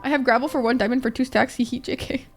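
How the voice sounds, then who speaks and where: High-pitched, emotional woman streamer. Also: steady tone, quick pace. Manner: gushing, emotional, swears freely. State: teary, crying. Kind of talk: casual live-stream chat. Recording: music playing behind. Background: background music.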